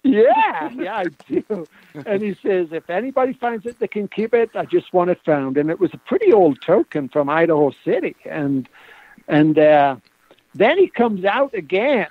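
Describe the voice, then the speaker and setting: A man's voice: high voice, sing-song, moderate pace, breathy edge, no room sound. A man telling laughing anecdotes as a guest calling in to a radio show. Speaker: guest metal detectorist. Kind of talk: casual storytelling on a call-in radio show. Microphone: phone. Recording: tinny phone line.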